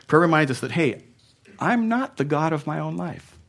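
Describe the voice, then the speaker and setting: A pastor delivers his sermon in a conversational way, laughing at his own asides and swinging between loud emphasis and quiet, hushed moments. His voice is gravelly and a little high, with big pitch swings and a moderate pace.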